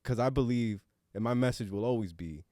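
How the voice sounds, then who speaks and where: The co-host, a father of a young son, has a warm, medium-pitched voice and talks fairly quickly. At the casual podcast roundtable he is earnest and reflective, occasionally swearing casually, and the sound is clean studio audio without room sound.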